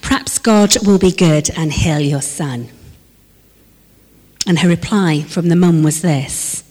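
A woman preaching a sermon in a church, her voice trailing off into a long hall reverb. She speaks slowly and sits on the low side of the usual range for her sex. She moves between bursts of lively emphasis and quiet, drawn-out reflection. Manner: expressive, moving between lively emphasis and hushed, slowed reflection.

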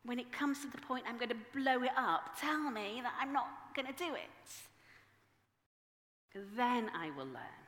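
Animated woman preaching in echoey hall. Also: mid-range voice. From Yorkshire, England. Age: 40s. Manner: animated, self-mocking storytelling. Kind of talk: sermon. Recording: echoey hall with long reverb.

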